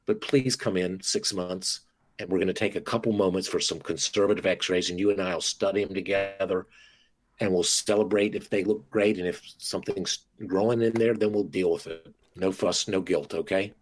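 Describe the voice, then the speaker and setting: A dentist appears as a guest on a podcast interview, speaking expressively and animatedly and acting out conversations with patients. He has a deep voice and a moderate pace.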